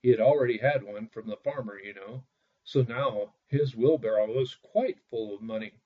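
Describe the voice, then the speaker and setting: A man narrating a bedtime fairy tale in a lively reading, putting on voices for the characters, on a dull lo-fi recording. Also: mid-range voice, moderate pace, slightly rough. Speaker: storyteller.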